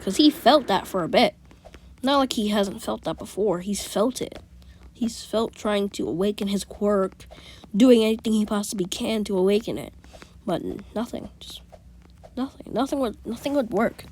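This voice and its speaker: A woman's voice: mid-range voice, moderate pace, a little mellow, a little hiss or hum. A woman casually telling a made-up fan story, rambling with restarts and whispered asides.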